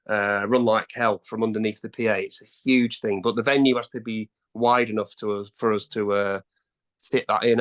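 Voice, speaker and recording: Man in his middle years, chatty, keeps losing the thread, lots of ums. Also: medium pitch. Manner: rambling, chatty, many fillers and restarts. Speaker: singer in a tribute band, interview guest. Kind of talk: casual interview answers.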